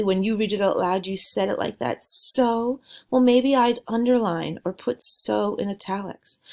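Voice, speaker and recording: A woman teaching a writing lesson, speaking slowly and deliberately in an encouraging way. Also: medium pitch, creaky, a little mellow. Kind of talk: recorded classroom lesson.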